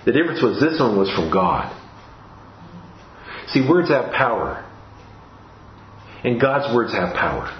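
A man's voice: mid-range voice, sing-song, unhurried, pauses often, a little hiss or hum. A man preaching a sermon in a church, earnest and given to restarts and repeated words. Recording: roomy, dull-sounding recording.

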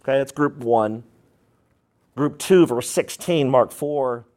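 A man's voice: mid-range voice, takes it slowly, darkish tone. A man preaching a sermon as pastor, emphatic and dramatic, acting out the voices he quotes.

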